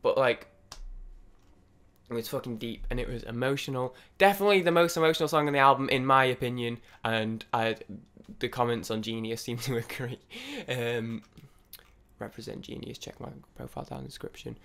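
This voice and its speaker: A young man giving rambling, excitable off-the-cuff first impressions of an album, with many restarts and some swearing. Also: medium pitch, a little fast, vocal fry, smooth. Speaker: music reviewer.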